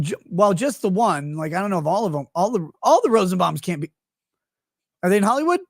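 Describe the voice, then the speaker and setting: A man's voice: high-pitched, big pitch swings, a little fast, no room sound, studio quality. A man hosting a livestream, talking in a crude, profane, rambling way and reading out chat messages. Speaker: livestream host. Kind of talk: casual livestream commentary.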